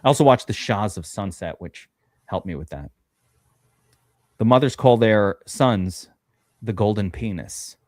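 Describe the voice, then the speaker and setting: Male stream host, rambling and distracted, lively pitch, dry studio sound. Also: unhurried, pauses often, no room sound. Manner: rambling and easily distracted, jumps between topics. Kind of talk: casual chat on a live stream. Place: upstairs studio.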